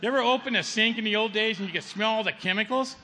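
A man's voice: high voice, fast, pushed and bright, in a large hall, a little hiss or hum. A middle-aged man giving a spoken church testimony in a conversational way, often asking the audience "okay?" and calling them "man". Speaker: testimony speaker.

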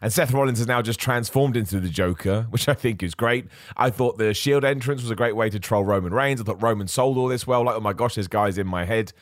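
Talking a little fast with few pauses, this mid-range male voice belongs to a podcast host sharing casual wrestling opinions. He's animated, fixes his sentences as he goes, and mocks other voices, in a dry, studio-quality recording.

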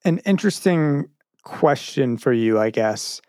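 Relaxed man, mid-pitched, joking co-host. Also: unhurried, no room sound, clean studio sound. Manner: relaxed, joking, short agreeing replies. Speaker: podcast co-host. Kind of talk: casual chat about a cartoon.

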